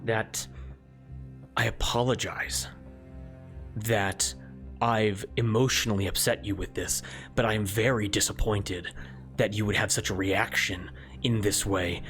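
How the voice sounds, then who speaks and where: A wrathful zealot cleric, as a game master puts him on, booming and commanding. His bright, forceful voice climbs high when he rages. Soft music plays behind him. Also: fairly even intonation, unhurried, long pauses. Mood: stern. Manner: booming, shouted fury turning stern and grave. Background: soft background music.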